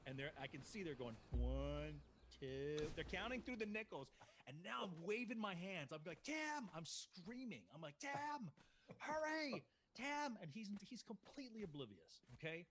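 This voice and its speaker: A middle-aged man with a slightly raised voice spins a lively anecdote. His pitch leaps around as he acts out quotes and breaks into laughter. There is steady noise in the background of the recording. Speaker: guest telling a story. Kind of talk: animated anecdote storytelling.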